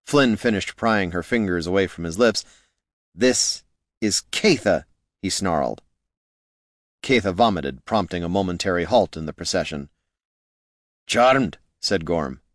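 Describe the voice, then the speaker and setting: A man narrating a fantasy audiobook in a wry, expressive storytelling manner. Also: sits low, no echo, clean studio sound.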